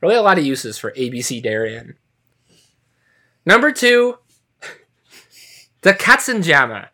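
A man's voice: a little high, sing-song, measured pace, bright, forceful tone. A man co-hosting a casual podcast, reading out words and definitions with playful asides. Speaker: podcast co-host.

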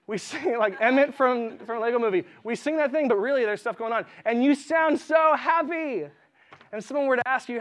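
A male preacher with a high-pitched voice, giving a sermon in a church. He reads scripture with fervor, then drops into casual asides full of "um"s. His delivery is impassioned and conversational. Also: fast, a bit bright, lo-fi sound.

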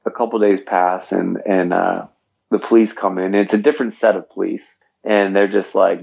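A man's voice: low-pitched, level tone, moderate pace, vocal fry, a little mellow, dull audio. A man, a fitness trainer and motivational speaker, telling his own story earnestly as a podcast guest and leaning on "you know" fillers. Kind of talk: personal story in a podcast interview.

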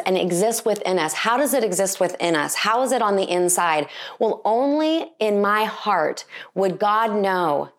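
A woman in her forties giving an earnest, conversational sermon full of rhetorical questions. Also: medium pitch. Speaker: speaker.

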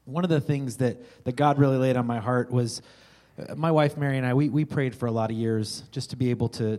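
A man speaking to a church congregation in an easygoing, halting way, with many fillers. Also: mid-range voice, darkish tone. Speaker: church member speaking locally. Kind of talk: church talk. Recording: long hall reverb.

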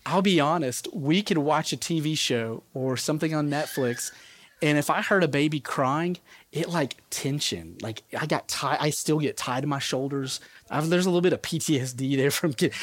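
A man's voice: a little high, dry recording. A man giving a conversational sermon as a pastor, laughing at his own asides.

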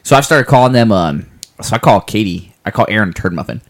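A podcast co-host rambles playfully in a casual chat about his kids and running, often restarting his sentences. He's a fast, animated talker with a lowish voice.

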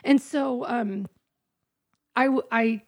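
A woman's voice: fairly high pitch, slow pace, darkish tone. A middle-aged woman telling her personal story as a podcast guest, candid and emotional, often quoting her own past thoughts. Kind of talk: personal testimony interview.

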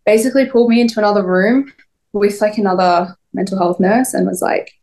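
A woman's voice: medium pitch, fairly even intonation, a little fast, warm tone. A young woman telling an interviewer her own story, rambling and full of "like". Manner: rambling, lots of "like", quoting others. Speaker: podcast guest. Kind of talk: recounting a personal story in an interview.

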